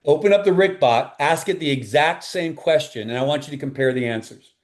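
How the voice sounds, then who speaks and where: Earnest, animated male life coach. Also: fairly high pitch, fairly quick. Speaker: guest, life coach and pastor. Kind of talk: enthusiastic interview talk.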